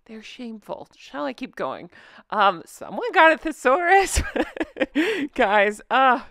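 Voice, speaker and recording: A woman runs a commentary vlog in a sarcastic, scornful voice and laughs often. Her voice sits a bit high and moves a lot. The sound is close-miked and dry. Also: wildly swooping pitch, takes it slowly, creaky, a bit bright, no room sound. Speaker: royal commentary channel host.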